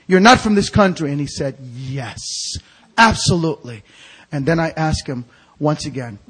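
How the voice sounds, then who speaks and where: A husky man with a fairly high voice preaches in a church sanctuary. He tells his story in an animated way, dropping to near a whisper and then rising, and he acts out the voices of the people in it. He sounds like an evangelist carried along by his own tale. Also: normal speed. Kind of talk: storytelling sermon.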